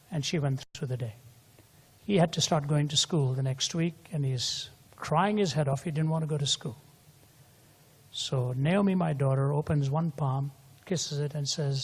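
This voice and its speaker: A man's voice: fairly high pitch, moderate pace, breathy edge. An older man preaching a sermon and telling stories, his voice climbing to emphatic peaks. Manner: storytelling, voice rising to emphatic peaks. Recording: hall reverb.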